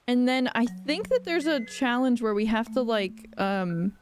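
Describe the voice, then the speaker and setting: A young woman live-streaming a game playthrough, playful and giggly, reacting out loud. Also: a little high, lively intonation, a little slow, background noise.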